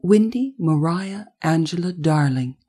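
A woman's voice: deep voice, big pitch swings, normal speed, dark tone, husky, exaggerated voice. A woman voicing a polite, motherly young girl who is courteous and a little patronizing, in an audiobook. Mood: prim. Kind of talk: audiobook character voice.

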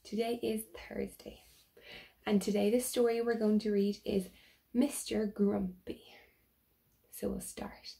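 A woman teacher reads a picture book aloud to young children, taking her time and asking them questions along the way. Her voice is mellow and dark with a gravelly fry, and her pace is very slow. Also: medium pitch, flat delivery.

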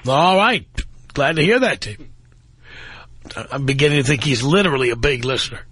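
A man's voice: medium pitch, lively intonation, normal speed, a bit bright, breathy edge, dry recording. A middle-aged man hosting a call-in radio talk show, blunt and lecturing, with dry sarcasm toward callers.

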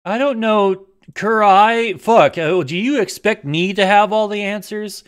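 A man streaming a game live, chatting casually, swearing often and snapping into sudden yells. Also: sits high, measured pace, clear, resonant tone. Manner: excitable, swearing, prone to sudden yelling outbursts. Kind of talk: casual live-stream chat while gaming.

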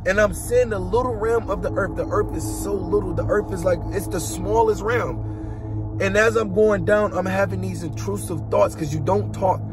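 A man's voice: high-pitched, moderate pace. A young man giving an emotional personal testimony in a colloquial, dramatic way, with spoken sound effects. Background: instrumental music.

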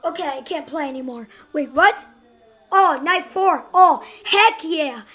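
A woman's voice: high voice, animated, measured pace, sharp tone. A young woman hosting a gaming channel, giving jumpy horror let's play commentary, shrieking and laughing at scares.

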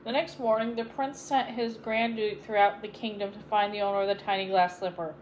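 A woman reading a children's fairy tale aloud as a bedtime story, in a gentle, clear read-aloud manner. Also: medium pitch, steady tone, brisk, slight background noise, poor audio. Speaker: storybook reader.

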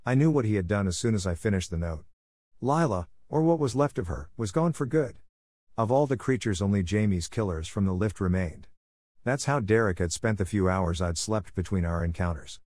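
Guy reading creepy reddit stories, steady, lowish voice, dry close mic. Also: a little fast, no echo. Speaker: horror story narrator. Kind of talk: scripted narration.

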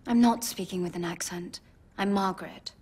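An actress playing a haughty, imperious young royal woman with crisp, formal diction, in a film clip. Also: lowish voice, moderate pace, darkish tone. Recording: film clip with score behind. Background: orchestral film music.

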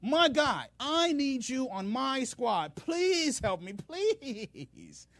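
A man voicing a petulant ancient king who whines, pleads and shouts for what he wants, in a raised, high voice. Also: expressive, racing, breathy edge, heavily acted. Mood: desperate pleading. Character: whiny, petulant ancient king, male, adult.

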